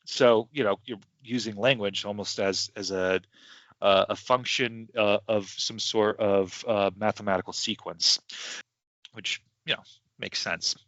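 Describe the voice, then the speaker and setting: A man's voice: fairly low pitch, steady tone, unhurried, a bit bright, no echo. A man hosting a podcast in casual chat, rambling and hesitant with many restarts. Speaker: podcast host. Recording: dull lo-fi sound.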